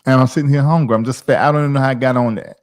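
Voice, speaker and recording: A man in his forties from the South, chatting casually on his livestream in a rambling, animated way. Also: medium pitch, very fast. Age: 40s. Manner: rambling, animated, talks to chat viewers by name. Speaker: livestream host.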